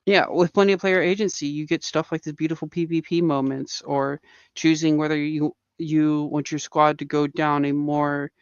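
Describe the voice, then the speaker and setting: A man's voice: fairly high pitch, steady tone, moderate pace, smooth, no room sound, dull audio. A man chatting casually about tabletop game masters, rambling with lots of "like" and "uh". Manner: rambling, fillers like "like" and "uh". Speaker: tabletop game player and stream guest. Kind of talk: casual podcast chat.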